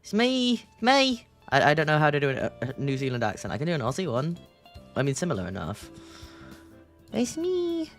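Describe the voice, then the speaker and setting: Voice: mid-range voice, big pitch swings, fast, soft background music. A streamer who reads a text game aloud, giggling often and chatting along.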